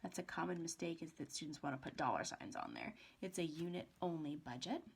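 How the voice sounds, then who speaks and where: A woman teaching an accounting class in a recorded lecture, her voice gravelly and a little husky. She talks in a loose, chatty way, tosses rhetorical questions at the class, and mutters half to herself as she writes. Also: sits low, expressive, brisk. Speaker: accounting professor.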